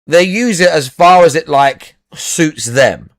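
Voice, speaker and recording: A man's voice: on the high side, lively intonation, takes it slowly, no echo, studio quality. A young adult man chatting casually as a podcast co-host, blunt and sweary, repeating his points. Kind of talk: casual chat.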